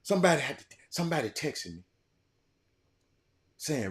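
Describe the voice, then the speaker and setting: An older man giving an impassioned monologue as a show host, repeating himself and swinging between loud outbursts and quiet, reflective stretches. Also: high voice, sing-song, normal speed. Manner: fiery, repetitive, swinging from shouting to quiet.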